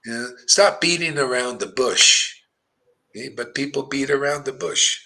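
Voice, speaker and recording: Blunt, forceful male preacher. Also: medium pitch, unhurried, poor audio. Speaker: spiritual teacher. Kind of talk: devotional sermon talk.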